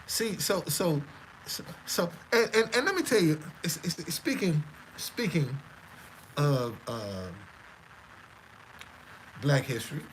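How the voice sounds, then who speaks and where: Stammering, high-voiced man streamer. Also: big pitch swings, slow pace, long pauses, a little hiss or hum, low-quality recording. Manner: stammering, repetitive, defiant. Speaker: live stream host. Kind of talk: casual live-stream monologue.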